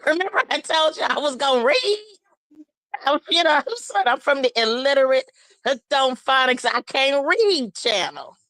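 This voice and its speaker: A woman tells stories quickly on a gossip livestream, full of slang and laughter. Her voice sits a little high. The sound is close and dry. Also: lively intonation, fairly bright tone, dry recording, poor audio. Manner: rapid storytelling with slang and laughter. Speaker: livestream co-host. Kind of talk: casual gossip livestream chat.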